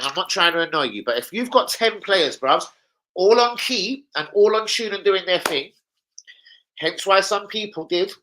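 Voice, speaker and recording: A young man rants about football on his fan channel, cursing freely and dropping slang every few words. His pitch leaps up and down as he talks, and his voice has a bright, forceful ring to it. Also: rough recording. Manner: animated, sweary, slangy, mimics people. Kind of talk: casual football rant.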